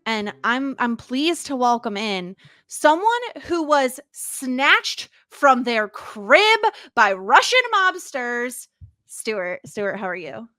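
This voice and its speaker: A woman hosting a casual podcast chat, giggly and animated as she tells the story. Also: a little high, takes it slowly, dry recording, clean studio sound. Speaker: podcast host.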